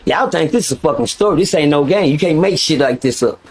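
Profane, animated male storyteller. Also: fairly high pitch, fast talker, breathy edge. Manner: profane, animated, addresses listeners directly. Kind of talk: casual storytelling.

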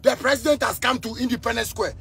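Ghanaian man, 30s, raspy-edged bright voice, furious repetitive street rant aimed at the president. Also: very high-pitched, fairly even intonation, fast. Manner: heated, repetitive, bursts into shouting. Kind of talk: angry rant addressed to the president.

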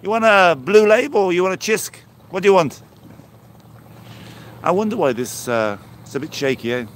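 English man, English accent, fairly high voice, rambling casual live-stream chat, outdoors on a handheld phone, faint traffic noise. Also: lively intonation, moderate pace. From England. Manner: chatty, greets viewers by name, rambling asides. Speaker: vlogger hosting a live stream. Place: outdoors by a fishing harbour. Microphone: handheld phone camera.

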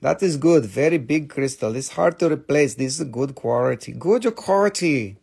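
A man's voice: mid-range voice, lively intonation, normal speed, vocal fry, darkish tone, breathy edge. A man putting on a mock Chinese accent to play a pushy crystal seller speaking clipped, broken English. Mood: salesy.

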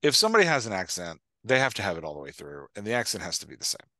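Bright-voiced man musing halting on a podcast. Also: fairly low pitch, big pitch swings. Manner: thoughtful, halting, with many restarts and fillers. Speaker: podcast co-host. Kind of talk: casual chat.

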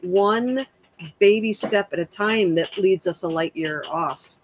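A woman's voice: medium pitch, slow pace, a little hiss or hum, rough recording. A woman co-hosting a podcast, speaking in a thoughtful, articulate way. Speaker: podcast co-host. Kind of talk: reflective discussion.

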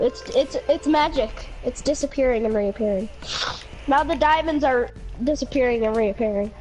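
A woman in casual gameplay chat, excitable and silly, making playful noises and coughing again and again. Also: high voice, moderate pace, muffled recording, soft background music. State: coughing repeatedly.

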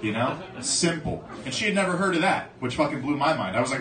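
A young man from South Florida doing a profane stand-up set, telling a story and suddenly shouting the voices of the people in it. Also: on the high side, lively intonation, quick pace. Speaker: stand-up comedian. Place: comedy club stage. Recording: roomy club sound from a distance, crowd audible.

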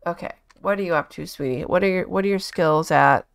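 A woman giving casual let's-play commentary, chatty and bossing her game characters around with quick exclamations. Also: on the low side, gravelly, slight background noise. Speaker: gaming channel host.

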